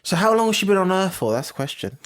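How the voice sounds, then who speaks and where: A co-host in a relaxed podcast chat. They keep asking questions and pick up each new idea with curiosity. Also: medium pitch, fast talker. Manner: curious, asks lots of questions. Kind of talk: casual chat.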